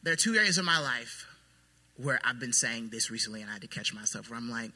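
A man preaching a sermon as pastor, emphatic and then quietly intense. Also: mid-range voice, fast talker, slightly rough. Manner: emphatic preaching that drops to soft, hushed intensity. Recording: long hall reverb.

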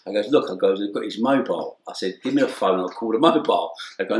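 A man's voice: on the low side, fast talker. A middle-aged man telling an anecdote in casual conversation, acting out the dialogue and laughing often. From England. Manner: animated storyteller, acts out dialogue, laughs often. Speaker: interview guest. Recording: echoey room.

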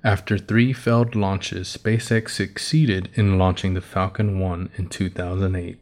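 A man's voice: deep voice, level tone, a little slow. A man hosting a casual commentary show, reading an article aloud, tripping over names, swearing and laughing at his own asides. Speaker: host.

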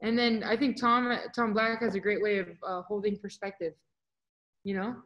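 A woman's voice: mid-range voice, normal speed, low-quality recording. Chatty young woman telling stories. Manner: animated, chatty, acts out quotes. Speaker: volleyball player guest. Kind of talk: casual interview storytelling.

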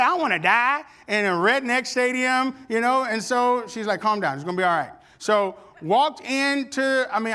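A man preaching with a very high, bright and forceful voice. He tells a comic story and then presses his point with rising, animated shouts. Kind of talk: sermon with humorous storytelling.

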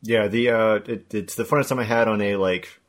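A man's voice: fairly low pitch, fairly even intonation, a little fast. A man co-hosting a gaming podcast, talking in a rambling, hesitant way with many fillers. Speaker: podcast co-host. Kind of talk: casual gaming podcast chat.

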